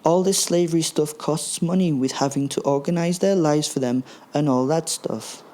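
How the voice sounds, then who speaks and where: A self-satisfied tycoon man laying out his scheme, heavy. A man plays him pitched well above his own voice, smooth and pleased with himself. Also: normal speed, a little mellow, natural voice. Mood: smug. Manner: smug, explaining.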